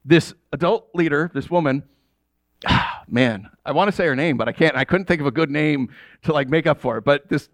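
A man's voice: a little high, normal speed, no room sound. A man in his thirties preaching a sermon, telling stories and acting out the voices of people he quotes. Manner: animated storytelling, acts out quoted voices. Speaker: pastor.

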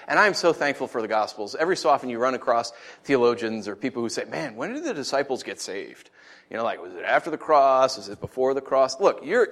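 A man preaching a sermon who tells stories with animated swings, then teaches in an earnest, conversational way. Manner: animated storytelling, lively swings in pitch and loudness. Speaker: pastor.

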